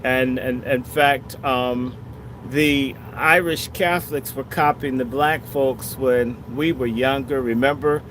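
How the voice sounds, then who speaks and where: A man's voice: mid-range voice, fairly even intonation, takes it slowly, a bit bright, a little hiss or hum. A man hosting a livestream in a casual, encouraging way. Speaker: host. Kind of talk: livestream chat.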